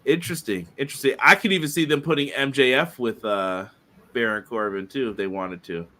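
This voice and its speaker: A man's voice: medium pitch, brisk, sharp tone. A man co-hosting a casual podcast, chatting loosely and reading viewer comments aloud. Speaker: podcast co-host.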